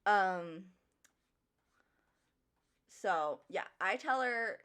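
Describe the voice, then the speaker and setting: A woman's voice: medium pitch, lively intonation, a little slow, a bit bright. A young woman streamer chatting casually while she draws, telling a work story with frequent swearing and laughter. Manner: chatty, swears often, laughs between lines. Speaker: streamer and artist.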